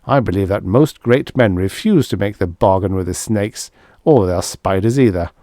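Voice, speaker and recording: Here is a man playing a wild-eyed, war-haunted soldier in an audiobook, his voice hoarse and loud as his ranting keeps climbing. The delivery is dry and close, with a low, bitter edge. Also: moderate pace, dry recording, lightly acted. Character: raving shell-shocked WWI soldier, bitter and wild.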